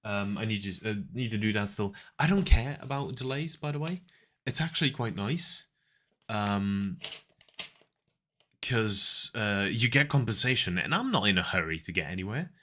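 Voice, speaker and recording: A man's voice: fairly low pitch, lively intonation, moderate pace, pushed and bright, a little hiss or hum. A man streaming and chatting casually with viewers, rambling through stories and laughing often.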